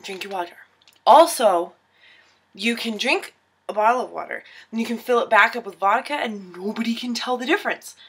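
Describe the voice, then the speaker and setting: A woman's voice: on the high side, animated, normal speed, a bit bright, slightly rough. A tipsy young woman filming a casual baking tutorial in her home kitchen, giggly, rambling and self-mocking.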